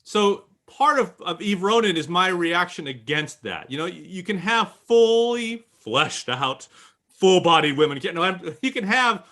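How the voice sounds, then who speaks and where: A man's voice: high voice, expressive, measured pace, fairly bright tone. A man talking animatedly on a remote author panel, joking and mock-indignant. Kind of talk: casual panel chat.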